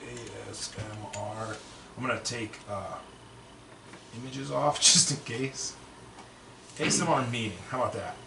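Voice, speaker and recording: A man's voice: mid-range voice, moderate pace, gravelly, pauses often, distant mic. A man co-hosting a podcast in casual chat, rambling, swearing often and laughing mid-sentence. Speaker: podcast co-host. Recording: roomy echo, from the mic, faint noise.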